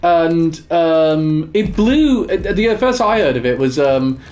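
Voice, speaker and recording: A man's voice: on the high side, animated, slow, a little mellow. A young man chatting casually while gaming, telling rambling stories with many fillers and restarts. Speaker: gaming co-host.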